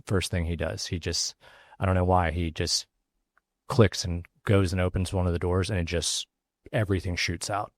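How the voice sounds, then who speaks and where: A man who runs a barbecue restaurant, telling a story as an interview guest, casual and halting with lots of fillers and restarts. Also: deep voice, fairly even intonation, dry recording, clean studio sound. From Texas. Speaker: pitmaster and restaurant owner, guest.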